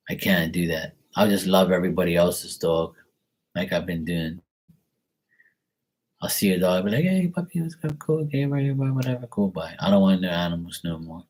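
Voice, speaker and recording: A man, a tarot reader, chatting casually and candidly with his live-stream viewers in a rambling, laid-back way. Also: low voice.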